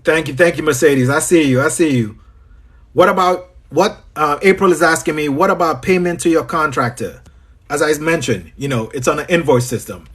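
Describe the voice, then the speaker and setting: His voice is on the high side, a bit bright and breathy, at a moderate pace: a business coach from Trinidad and Tobago answering questions on a livestream. Speaking in a Trinidadian accent, he chats, greets viewers by name and repeats his phrases.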